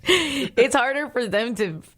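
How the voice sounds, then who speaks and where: An American woman hosting an interview in a chatty, giggly, relaxed way. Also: fairly high pitch, slow, crowd noise. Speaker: interview host. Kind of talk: casual interview chat.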